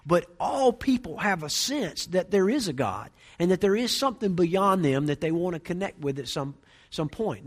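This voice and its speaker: Male pastor, middle-aged, fast and a bit high-voiced, chatty sermon storyteller. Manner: conversational preaching with storytelling asides.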